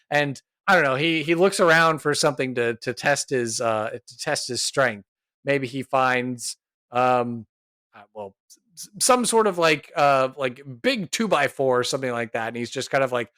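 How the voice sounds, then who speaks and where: A man's voice: mid-range voice, expressive, moderate pace, pushed and bright, dry recording. A man hosting a tabletop role-play podcast, narrating his character in a loose, rambling way. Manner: rambling, many fillers, chuckles. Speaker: podcast host and player.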